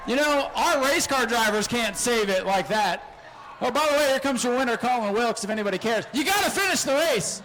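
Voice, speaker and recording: A man announcing a spectator race from the flag stand at an outdoor speedway, excitable and joking, often shouting. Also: very high voice, brisk, poor audio. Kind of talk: live race commentary over PA.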